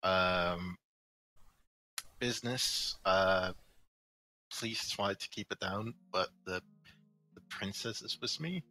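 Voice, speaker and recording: Man, tabletop player, casual hesitant speech, bright tone, faint music behind. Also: low-pitched, slow pace, pauses often, no room sound, poor audio. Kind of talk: playing a tabletop game.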